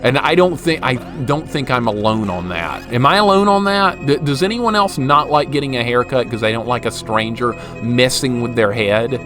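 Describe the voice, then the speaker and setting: Speaking at a normal speed in a mid-range voice, this young man barely pauses while he live-streams a retro game. Over the game music he chats with viewers, voicing frustration, cracking jokes, laughing, and answering what they type.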